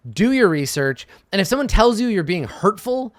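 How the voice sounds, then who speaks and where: A man's voice: high voice, sing-song, moderate pace, no echo, studio quality. A middle-aged man hosting an advice show for game masters, speaking frankly and emphatically, swearing casually and ending his points with "right?". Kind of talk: advice monologue.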